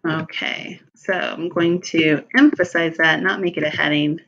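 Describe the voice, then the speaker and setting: A woman giving a relaxed screen-recorded software tutorial, thinking aloud with fillers and small self-corrections. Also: low-pitched, measured pace, gravelly, lo-fi sound, slight background noise.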